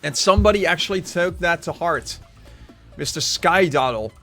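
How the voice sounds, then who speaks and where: Rambling male streamer, slightly high voice. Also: animated, normal speed, pushed and bright. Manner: rambling, many fillers and restarts. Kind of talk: casual Minecraft livestream commentary. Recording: faint music behind.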